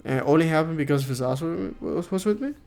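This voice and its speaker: A man's voice: fairly high pitch, expressive, fast, a little mellow, faint music behind. Joking, cussing male game streamer. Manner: joking, swears freely. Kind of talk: casual chat while streaming a game.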